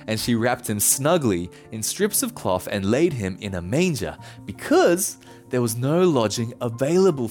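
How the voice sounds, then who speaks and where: A man's voice: medium pitch, a little mellow. A man preaching a sermon as a pastor, telling the story in a casual, playful way.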